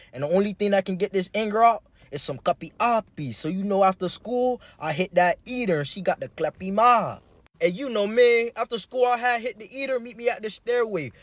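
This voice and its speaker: A young man with a fairly high voice tells a story in a casual, slang-filled way. He talks straight to the listener. The sound is dry and close, with no room echo. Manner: animated, slangy, addresses the listener directly.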